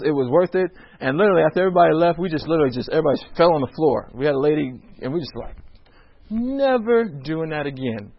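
A man with a somewhat high voice shares an animated faith testimony, acting out the dialogue and quoting scripture as he goes. The recording is dull and lo-fi, with its top end rolled off. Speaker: restaurant owner sharing a faith testimony. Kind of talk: storytelling faith talk with scripture quotes.

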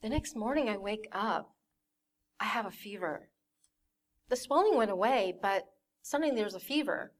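A woman's voice: medium pitch, lively intonation, normal speed, long pauses. A young woman giving a personal testimony in a candid way, acting out her family's voices as she tells it. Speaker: church member giving a testimony.

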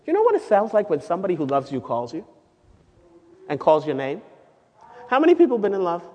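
A woman giving a sermon-style teaching to a group of women, lively and asking the audience questions. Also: lowish voice, brisk. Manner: animated, asks the audience questions, sings out quoted lines. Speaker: speaker at a women's gathering. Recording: dull lo-fi recording with long hall reverb.

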